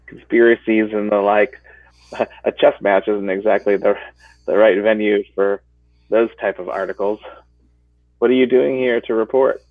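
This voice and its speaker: A man's voice: on the low side, fairly even intonation, measured pace, pauses often, no room sound. Brief: a man in a tabletop game, in-character questions, muffled dry recording. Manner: speaks in character as a reporter, asks questions. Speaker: player. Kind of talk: casual tabletop role-play.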